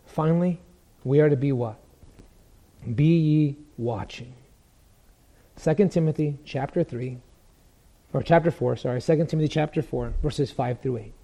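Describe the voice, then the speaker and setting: A man preaching a sermon with impassioned, emphatic delivery, slowing down to read scripture aloud. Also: fairly high pitch, creaky, warm tone. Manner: impassioned, rising to emphatic peaks, reads scripture slowly.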